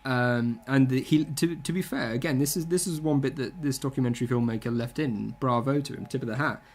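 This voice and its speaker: A man's voice: mid-range voice, fairly quick, a little mellow. A man, chatting casually and bluntly, with strong opinions and plenty of swearing. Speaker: podcast co-host. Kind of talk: casual chat.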